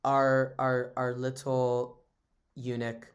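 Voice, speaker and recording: A man's voice: medium pitch, completely flat delivery, takes it slowly. A man co-hosting a podcast, recapping a TV drama in loose casual chat with crude jokes and frequent laughter. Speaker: podcast co-host.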